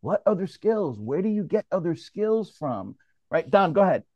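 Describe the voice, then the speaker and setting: Casting: animated male moderator from New York, slightly high voice, muffled dry call audio. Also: normal speed, no echo. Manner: animated, restarts often, calls on others. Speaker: mediator leading a roundtable. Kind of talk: casual discussion, moderating.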